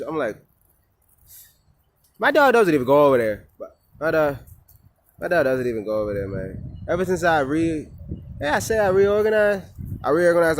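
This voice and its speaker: Vlogger, male, slightly high voice, loose rambling rant full of swearing and fillers. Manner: rambling, profane, many fillers and restarts. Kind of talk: casual rambling vent.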